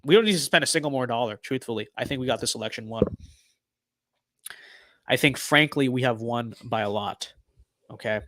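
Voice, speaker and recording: A young man casually commenting on his own gameplay, sarcastic, muttering to himself and then bursting into excited shouts. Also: mid-range voice, fairly quick, long pauses, dry recording, studio quality. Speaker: streamer.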